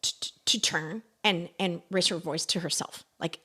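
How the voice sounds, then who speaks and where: Bright-voiced woman telling stories animatedly. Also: on the low side, moderate pace, slightly rough. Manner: animated, laughs often, drops to soft asides. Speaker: podcast guest. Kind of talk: casual conversational storytelling.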